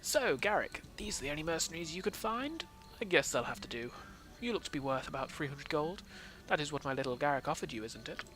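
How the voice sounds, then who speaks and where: A man's voice: on the high side, expressive, quick pace, few pauses, bright, forceful tone, soft background music. A man reading out the lines of a haughty actress in a video game, in his own plain voice. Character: boastful haughty actress, adult woman.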